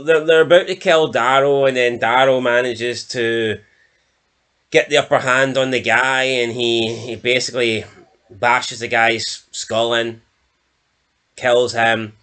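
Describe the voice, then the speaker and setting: A man's voice: medium pitch, steady tone, slow, a bit bright. A Scottish man giving a blunt, sweary, mocking TV review in casual chat. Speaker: show reviewer.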